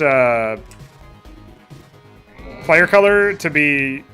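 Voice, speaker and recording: A man's voice: fairly high pitch, sing-song, slow, bright, forceful tone, soft background music. A man giving casual, chatty let's-play commentary in a sardonic tone, swearing often. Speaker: gaming commentator.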